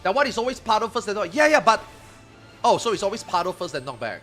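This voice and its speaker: A man streaming an online game in casual chat, excitable, swearing freely and repeating himself. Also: high voice, fast, faint music behind.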